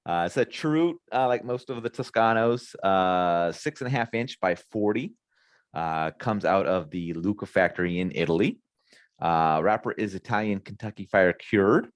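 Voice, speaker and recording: A man's voice: deep voice, lively intonation, moderate pace, dry recording. A man hosting a casual podcast from a studio, reading out product details with many "uh" fillers. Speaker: podcast host.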